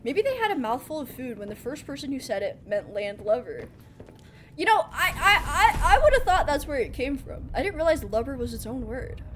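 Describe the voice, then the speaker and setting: A woman with a slightly high voice chats casually as she plays a game on a live stream, reading chat aloud and laughing easily. Game sounds and background noise run clearly under her voice. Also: very animated, fairly quick. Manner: chatty, giggly, playful, reads chat aloud.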